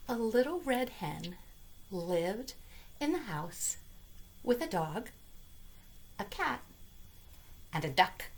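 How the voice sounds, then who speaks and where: Brief: woman children's librarian hosting storytime, unhurried and sing-song. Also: medium pitch. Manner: gentle, slow and sing-song, speaking to young children.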